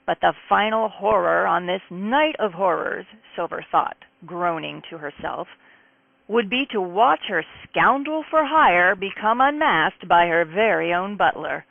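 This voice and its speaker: Woman novelist doing an expressive reading of her own book, dramatic delivery, phone-thin dry audio. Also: on the low side, a little slow, creaky, no echo. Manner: dramatic, emphatic storytelling. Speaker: author. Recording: tinny phone-like dry sound.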